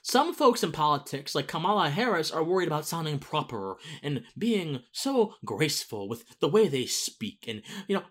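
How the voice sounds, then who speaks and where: A man's voice: on the high side, sing-song, normal speed, hardly any pauses, fairly bright tone. A man hosting a casual political monologue, rambling with restarts and rising into emphatic outbursts. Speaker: political commentary host.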